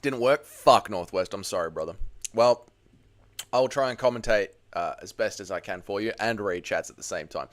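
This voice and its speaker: A man's voice: on the low side, moderate pace. An Australian man hosts a casual livestream, swearing freely and laughing with his viewers. He switches easily between banter and blunt play-by-play of a fight. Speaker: livestream host. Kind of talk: casual livestream watch-along and fight commentary.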